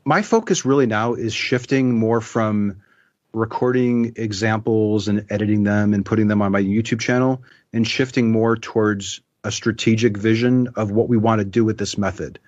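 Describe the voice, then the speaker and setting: A man as an interview guest, explaining his plans in a relaxed, thoughtful way. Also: lowish voice, moderate pace, muffled recording. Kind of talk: casual interview.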